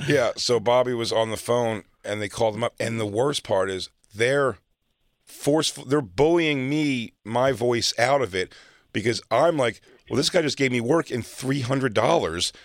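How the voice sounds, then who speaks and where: A man from South Jersey telling a long, animated comedy anecdote and acting out other people's lines. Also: mid-range voice, normal speed, no echo, studio quality. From South Jersey, near Philadelphia. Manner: animated anecdote teller, acts out quotes. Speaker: comedian guest. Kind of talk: casual storytelling chat.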